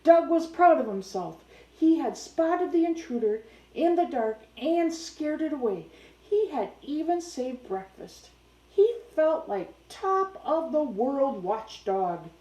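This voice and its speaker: Slow mellow woman reading a storybook. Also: high-pitched, sing-song, reverberant, low-quality recording. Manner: breaks off to talk playfully to her dog. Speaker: storyteller reading a picture book aloud. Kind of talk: children's book read-aloud.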